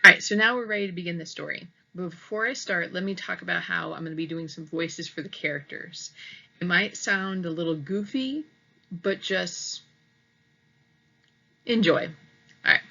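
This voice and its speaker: Reading to kids in a lesson, this teacher patiently explains each point and checks in with "okay?" Her voice is fairly low, gravelly, bright and forceful, her pace normal, and the recording sounds slightly muffled.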